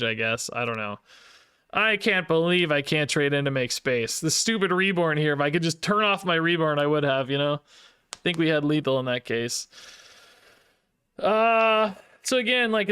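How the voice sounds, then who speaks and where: A man's voice: a little high, pushed and bright, clean tone, no echo. A young man hosting a gameplay video, talking through his moves in rambling, self-questioning casual commentary that swings into mock anger.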